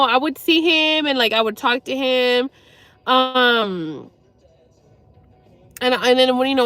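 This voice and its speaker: High-voiced woman, tearful and rambling. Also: a bit bright, dry recording. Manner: rambling, sweary, halting with sighs. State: near tears. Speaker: livestreamer. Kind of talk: emotional personal talk to viewers.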